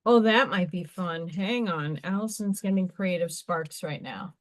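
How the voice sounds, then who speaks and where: A woman hosting a craft livestream, chatting casually and excitedly while she works and talks to herself. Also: fairly low pitch, unhurried. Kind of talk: casual live-stream chat while crafting.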